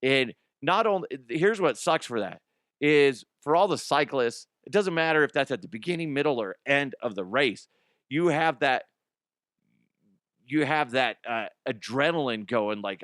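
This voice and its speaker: A man's voice: mid-range voice, lively intonation, measured pace, fairly bright tone, no echo, clean studio sound. A man hosting a comedic news show, talking in a rambling, profane way with frequent laughter. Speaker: podcast host.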